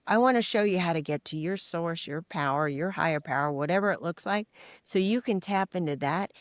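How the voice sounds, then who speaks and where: A middle-aged woman, a guest in a podcast interview, telling frank stories with animated acted-out voices and casual swearing. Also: lowish voice, brisk, no echo, clean studio sound. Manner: animated storytelling, acting out quoted voices. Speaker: guest, recovery mentor and author. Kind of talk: candid interview conversation.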